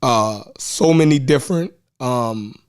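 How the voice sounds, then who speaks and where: A man with a Baltimore accent hosting a live online show, chatting in a rambling, laid-back way with lots of fillers and shout-outs to viewers. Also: mid-range voice, slow pace, clean tone. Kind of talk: casual livestream chat.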